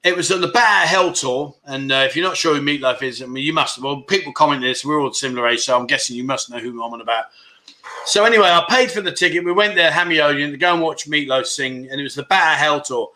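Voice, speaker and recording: A man's voice: on the high side, quick pace, sharp tone. A middle-aged man hosting a casual livestream chat show, joking, teasing viewers and reading out their comments. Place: home in Pattaya.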